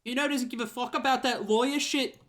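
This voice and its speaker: A man putting on the voice of a crude, shouting street boy with a loose Australian-sounding twang, heard from back off the mic. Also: very high voice, fairly even intonation, a little slow, pitched above the performer's own voice. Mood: rowdy.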